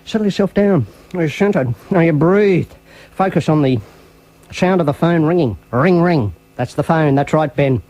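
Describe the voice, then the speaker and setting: A man's voice: a little high, a little mellow, lightly acted, poor audio. An Australian man putting on a soothing self-help guru. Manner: slow, hypnotic step-by-step coaching. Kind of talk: radio comedy sketch.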